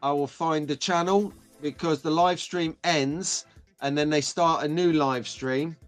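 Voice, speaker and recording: A chatty, excitable British man in middle age hosts a casual live stream, greeting viewers one by one. His voice sits fairly high for a man. Faint music plays underneath. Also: measured pace.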